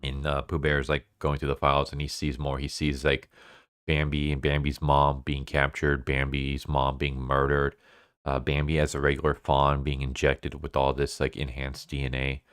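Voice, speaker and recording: A man with a very deep, smooth voice retells a comic's plot in a relaxed, chuckling way. He talks loosely, with plenty of filler words. The recording is dry and close. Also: normal speed, no echo. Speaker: comic book reviewer. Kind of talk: casual review recap.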